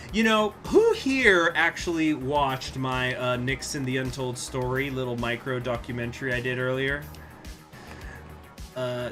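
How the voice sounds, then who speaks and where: A man's voice: mid-range voice, pushed and bright. A man chatting casually on a game stream, rambling, swearing, and animatedly retelling what he has been reading. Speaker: gaming streamer. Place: home room.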